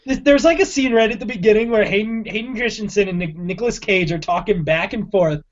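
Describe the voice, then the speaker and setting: A man's voice: sits high, a little fast. A young man, a podcast co-host, chatting casually and emphatically about a bad movie, laughing often and using slang. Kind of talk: casual movie review chat. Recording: dull lo-fi audio.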